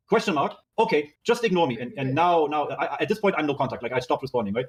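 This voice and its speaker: Fast-talking man reading out texts. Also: fairly high pitch, lively intonation. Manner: rapid reading aloud, swearing, narrating "she says, I said". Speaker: guest reading out his text messages. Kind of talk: fast recounting of a dispute.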